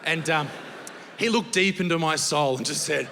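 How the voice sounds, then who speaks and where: A young Australian man performing crude, profane stand-up comedy, telling stories and shouting the punchlines. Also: on the high side, moderate pace, creaky. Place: large theatre stage with audience laughter. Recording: live show with long hall reverb and background noise.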